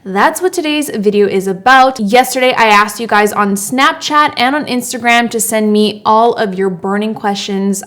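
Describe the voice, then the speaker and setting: Young woman vlogger, chatty, emphatic, mid-pitched everyday voice, casual Q&A. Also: fairly bright tone. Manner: chatty and emphatic, repeats words for stress. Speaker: beauty vlogger host. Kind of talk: casual Q&A vlog.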